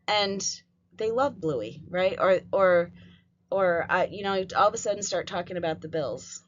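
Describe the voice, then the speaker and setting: A woman presenting a staff training session on calming students, talking conversationally and often checking in with "right?" and "um". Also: medium pitch, measured pace. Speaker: school behavior trainer. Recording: dull lo-fi audio with faint noise.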